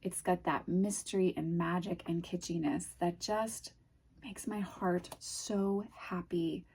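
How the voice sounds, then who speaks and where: A tarot video host with a New England accent chats casually through an unboxing, gushing and dreamy, often drifting into soft murmurs. Her lowish voice is steady and slow, with a little hiss or hum in the recording.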